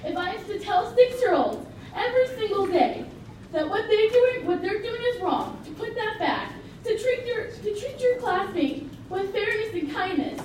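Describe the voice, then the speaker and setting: A woman's voice: extremely high pitch, lively intonation, moderate pace, a little mellow. A young woman in her twenties, a teacher, giving an emotional, impassioned public comment at a council meeting. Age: 20s. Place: large meeting hall with a crowd. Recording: echoey hall, distant, crowd noise.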